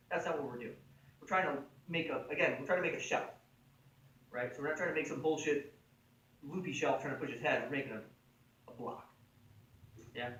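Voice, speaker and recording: Bright, joking jiu-jitsu instructor in echoey gym. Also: male voice, a little high. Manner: joking, conversational, frequent "right?" check-ins. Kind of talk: casual technique instruction. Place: martial arts gym. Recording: echoey room, mic at a distance.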